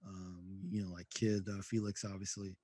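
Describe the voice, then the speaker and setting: A man narrating as game master, halting and full of ums and restarts. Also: low-pitched, little pitch movement, warm tone, dry recording.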